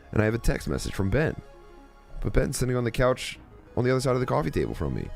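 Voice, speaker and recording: A man in his forties hosting a casual stream, telling a rambling, animated story full of restarts and swearing. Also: on the low side. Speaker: streamer host. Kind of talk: casual storytelling to a live chat.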